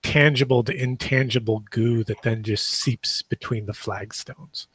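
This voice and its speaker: A man running a tabletop game as game master, narrating in a halting way with frequent restarts. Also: medium pitch, fairly even intonation, fairly bright tone, husky, dry recording.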